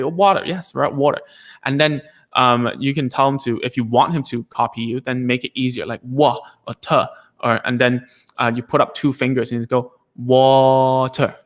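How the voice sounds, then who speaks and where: A young man explains child speech to parents in a loose, chatty teaching style. He restarts sentences, leans on fillers and says sample words aloud to show how they sound. His voice sits at an ordinary middle pitch. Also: fairly bright tone. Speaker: speech coach. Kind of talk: casual explanatory lesson.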